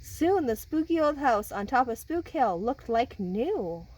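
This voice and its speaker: Reading a picture book to children, this woman keeps up an animated back-and-forth with her young listeners. She speaks on the high side and a little slowly, and the audio quality is poor.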